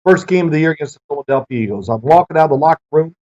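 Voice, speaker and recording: Man, middle-aged, raised voice, animated storyteller, muffled lo-fi sound. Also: on the high side, rapid-fire. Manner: lively storyteller who acts out quoted people. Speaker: interview guest, former pro quarterback. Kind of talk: anecdotal interview answers. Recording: dull lo-fi sound.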